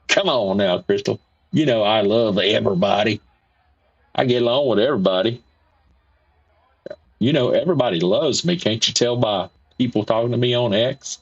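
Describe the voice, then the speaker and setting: Gravelly man chatting on stream. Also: on the low side, moderate pace, long pauses. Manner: rambling, folksy, repeats himself. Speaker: livestream host. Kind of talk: casual livestream chat reading viewer comments. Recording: dull lo-fi stream audio.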